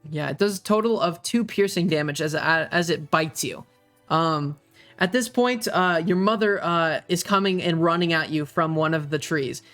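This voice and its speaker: Young male game master, high-ish voice, hesitant narration, faint music under. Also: fairly bright tone. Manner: halting, many ums and uhs.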